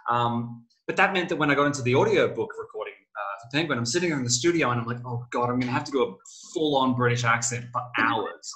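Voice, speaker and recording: A middle-aged man, an author talking as a guest in a casual interview, telling stories and acting out quotes with sudden jumps in pitch. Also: poor audio. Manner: animated storyteller, acts out quoted lines with big pitch jumps.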